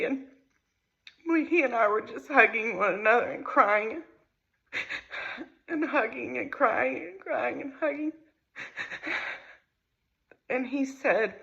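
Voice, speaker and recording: A mother recounting a painful family crisis in a halting, emotional way. She often repeats her phrases as she tells the story. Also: high-pitched, gravelly, a bit bright, dull audio. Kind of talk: personal storytelling to camera.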